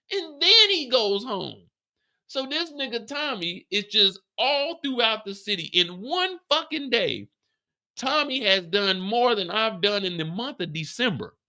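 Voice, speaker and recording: A man hosting a live after-show, recapping an episode in a profane, animated storytelling way. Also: very high-pitched, no room sound, studio quality. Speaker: show host.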